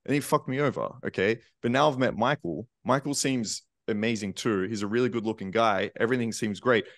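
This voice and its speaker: Low voiced dude, lots of likes and swearing, asks pointed questions, dry sound. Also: male voice, a little fast, no echo. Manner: casual, profane, filler-heavy, probing. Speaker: dating coach. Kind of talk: panel discussion, questioning.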